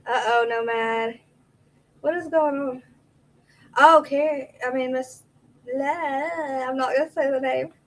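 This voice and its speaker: A woman's voice: high-pitched, steady tone, slow, long pauses, low-quality recording. A woman, hosting a casual livestream, chatty and reacting aloud to viewer comments, a little out of breath. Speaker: livestream host.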